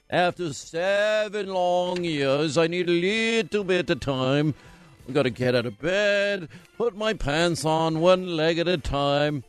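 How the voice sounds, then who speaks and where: A man doing a comic impression of a slow, pompous, self-pitying older male senator on talk radio. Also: a little high, clean tone. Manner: drawling, fussy, self-pitying.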